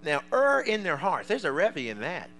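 A male preacher delivering a fervent sermon to a congregation, swinging from quiet asides to loud shouts. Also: fairly high pitch, wildly swooping pitch, fairly quick, slight background noise, rough recording.

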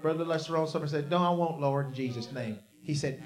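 A male preacher with a notably high voice delivers a storytelling sermon. He drops to low, quiet phrases and then bursts into loud, shouted lines. He leads the congregation to repeat his words back. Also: a little fast, few pauses, soft background music. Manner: call-and-response with the congregation.

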